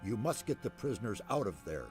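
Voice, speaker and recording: An actor playing an elderly mage leader in a game, speaking in a solemn, measured, formal way. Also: male voice, on the low side, big pitch swings, darkish tone, faint music behind. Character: elderly male mage leader, grave and fatherly. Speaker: game character.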